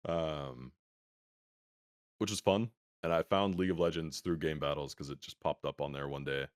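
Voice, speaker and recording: A young man speaks as an interview guest, easygoing and full of filler words. His voice sits very low and has a smooth, resonant tone. The sound is dry and comes over a video call that sometimes stutters. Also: moderate pace, dry recording. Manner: relaxed, many filler words like "um" and "like". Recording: laggy internet call audio.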